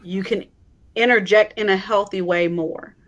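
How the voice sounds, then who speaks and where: A woman's voice: medium pitch, steady tone, unhurried, dull audio. A woman on a panel giving firm, emphatic advice.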